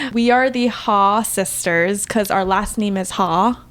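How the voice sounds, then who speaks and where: A woman's voice: mid-range voice, slow pace. A woman in her twenties co-hosting a podcast in casual chat, giggly and rambling with lots of fillers. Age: 20s. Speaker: podcast co-host, eldest sister. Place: podcast studio.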